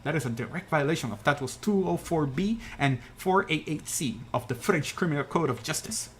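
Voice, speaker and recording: A man's voice: a little high, lively intonation, fairly quick, slight background noise, close to an everyday voice. A man voicing a bold male bird defense attorney who speaks in a firm, commanding way. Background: game music.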